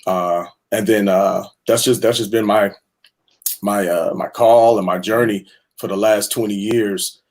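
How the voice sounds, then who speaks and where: A man introducing himself as a panel guest on a video call, speaking earnestly with many halting fillers. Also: on the low side, steady tone, a little mellow. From Houston area. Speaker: panel guest, music director and producer. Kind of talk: casual online panel chat.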